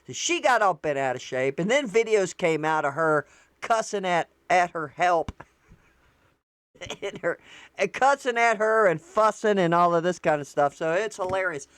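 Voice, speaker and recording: A woman's voice: fairly low pitch, lively intonation, moderate pace, clear, resonant tone, no echo. A woman hosting a show, talking through her thoughts in a casual, rambling way, often restarting and correcting herself. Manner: rambling and conversational, with frequent restarts and self-corrections. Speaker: show host. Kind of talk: casual solo commentary.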